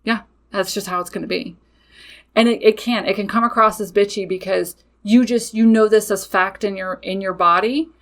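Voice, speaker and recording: A woman's voice: medium pitch, fairly even intonation, normal speed. A woman hosting a podcast in a casual monologue, talking in a blunt, matter-of-fact way, laughing and swearing freely. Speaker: podcast host and witchcraft business owner.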